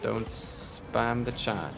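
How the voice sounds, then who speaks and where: A man's voice: mid-range voice, drawn-out words, music in the background. A man streaming a shooter game live, chatting casually, thinking aloud, grumbling at his play and thanking donors. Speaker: gaming streamer. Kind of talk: casual live-stream commentary while playing. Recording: clear background noise.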